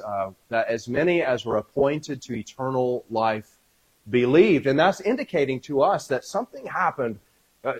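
Husky-voiced male pastor preaching. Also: mid-range voice, poor audio. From Alabama, US. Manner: conversational, with fillers and restarts, anecdotal. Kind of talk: sermon with opening prayer.

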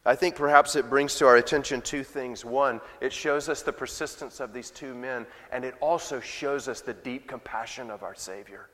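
A man's voice: normal speed, few pauses. Man preaching in an echoing hall. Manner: swings from loud emphatic preaching to quiet, low asides. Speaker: pastor. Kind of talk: sermon. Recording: long reverb of a large hall.

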